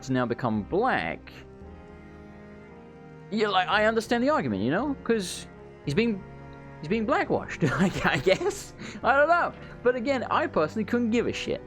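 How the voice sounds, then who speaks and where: A man giving rambling, swear-filled commentary while playing a video game. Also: on the high side. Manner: chatty, rambling, swears freely. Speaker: gaming channel host. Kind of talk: casual let's play commentary.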